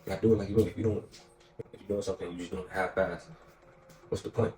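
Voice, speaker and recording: A man with a low, mellow voice gives a casual motivational talk, speaking rapid-fire in a steady tone. He's slangy and emphatic, repeating phrases for weight. The recording sounds echoey, with a distant mic and music in the background.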